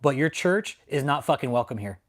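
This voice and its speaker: Ranting furiously on his channel's live stream, a Texan man at home in San Antonio swears heavily and keeps repeating his threats, heated and profane throughout. His voice is medium-pitched and expressive, a little fast.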